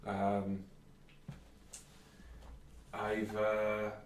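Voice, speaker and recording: Friendly, hesitant male contact played by a man, low and distant. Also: completely flat delivery, drawn-out words, slight background noise. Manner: hesitant, chatty. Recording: roomy, distant mic.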